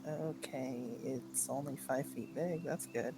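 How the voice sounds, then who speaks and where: A woman's voice: extremely low pitch, fairly even intonation, slow, noisy background. A woman playing in a tabletop game, asking questions and making blunt, dry remarks. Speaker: player.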